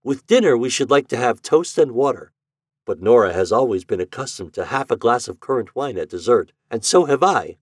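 A man's voice: mid-range voice, expressive, a little fast, slightly rough, dry recording, studio quality. A man voicing an earnest little boy who has run away to be married, speaking in a raised, bossy tone. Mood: commanding. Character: bold little boy eloping, earnest and commanding.

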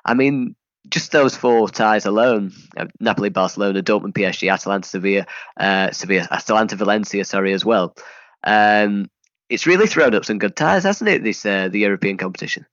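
A man's voice: on the low side, a little fast, fairly bright tone, no echo, dull audio. A man hosting a podcast in casual chat, rambling with frequent restarts. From England. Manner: chatty, rambling with many restarts. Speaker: podcast host.

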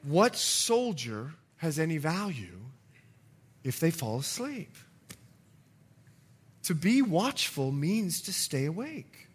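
A man preaching a sermon as pastor, telling a story with jokey asides and swinging between loud and hushed delivery. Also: fairly high pitch, very animated, takes it slowly, pauses often, breathy edge.

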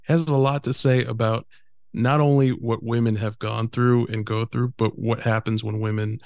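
A man's voice: medium pitch, level tone, moderate pace, creaky, a little mellow, no echo. A man co-hosting a podcast, chatting casually and enthusiastically about a film and swearing freely. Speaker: podcast co-host. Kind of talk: casual movie review chat.

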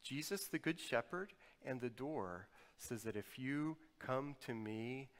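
A male pastor delivers a sermon with real dynamic sweep, rising to forceful emphasis and then dropping to hushed, close tones. His voice rings out through a long, lingering hall reverb, as in a church sanctuary. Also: medium pitch, expressive, slow pace, few pauses. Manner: dynamic, swings from loud emphasis to quiet intimate tones.

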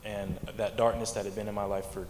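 Quiet young man giving a halting church testimony. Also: on the low side, level tone, noisy background. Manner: halting, repeats words, speaks mostly quietly. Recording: echoey hall, faint ambience.

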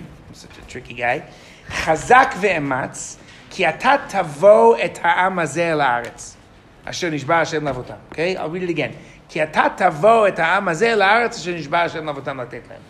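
Animated man teaching a Torah class. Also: sits high, a little hiss or hum. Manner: animated, questions the class, reads Hebrew verses aloud.

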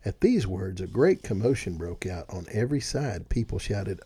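A man narrating a storybook in an expressive, animated reading. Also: lowish voice, normal speed, hardly any pauses, husky.

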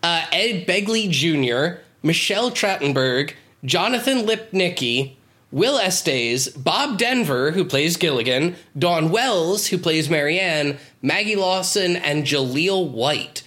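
A man's voice: on the high side, lively intonation, slow, bright, forceful tone. A man co-hosting a podcast, chatting casually and sarcastically about a TV show, swearing now and then. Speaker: podcast co-host.

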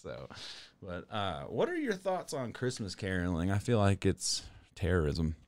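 A man's voice: low-pitched, huge pitch swings, a little slow, darkish tone. A man co-hosting a podcast, telling stories in a profane, casual way and laughing often. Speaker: podcast co-host. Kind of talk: casual chat.

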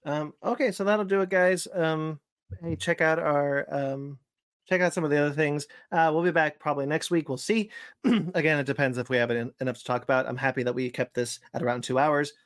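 A man's voice: a little high, fairly quick, no room sound. Rambling male podcast host, dry sound. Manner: rambling, with many fillers and restarts. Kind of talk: casual podcast chat and sign-off.

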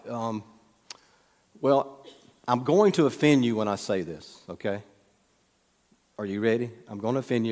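A man preaching as a pastor, telling a story in a casual sermon and teasing the congregation with questions. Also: medium pitch. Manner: conversational, teasing the audience with questions. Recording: long reverb of a hall.

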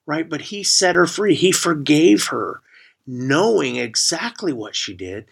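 Gravelly man reading scripture. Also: fairly high pitch, very animated. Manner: measured, reads scripture aloud. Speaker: podcast co-host.

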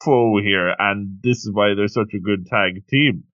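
A man co-hosting a casual manga chat, chiming in with quick jokes. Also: on the low side, a bit bright, dry recording, highs cut off.

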